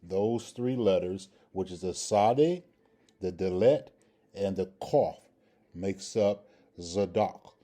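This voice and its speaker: A man with a deep, dark voice teaches a Hebrew grammar lesson at an unhurried pace. He repeats words and pronunciations and keeps checking in with his listeners with "okay" and "all right". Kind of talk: screen-share grammar lesson.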